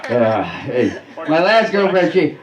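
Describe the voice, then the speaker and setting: A man doing a stand-up comedy set in a club, delivering deadpan one-liners with many halting restarts and "uh"s, laughing at his own jokes. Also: fairly high pitch, roomy sound, highs cut off, crowd noise.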